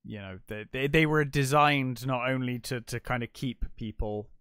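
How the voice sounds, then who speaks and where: A man's voice: medium pitch, moderate pace, fairly bright tone, smooth, dry recording, clean studio sound. A middle-aged man co-hosting a casual film podcast, hedging and hesitant, with many ums and restarts. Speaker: podcast co-host. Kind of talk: casual film review chat.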